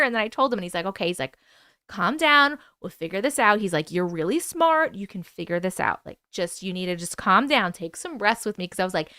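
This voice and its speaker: A woman hosting a livestream, casually telling a story, animated and profane, acting out the voices she quotes. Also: on the high side, normal speed, smooth, no room sound, clean studio sound. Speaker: host. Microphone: wireless clip-on mic.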